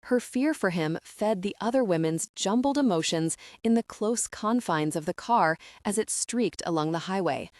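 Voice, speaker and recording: A woman narrating a novel in a steady, even reading voice. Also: mid-range voice, moderate pace, hardly any pauses, dry recording, clean studio sound. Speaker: audiobook narrator. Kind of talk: scripted audiobook narration.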